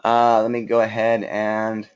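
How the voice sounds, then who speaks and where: A man's voice: on the low side, completely flat delivery, unhurried, clear, resonant tone. Chatty man hosting a live webinar. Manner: chatty, greets viewers, many fillers. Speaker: webinar host. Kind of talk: casual live webinar talk. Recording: slightly dull lo-fi audio.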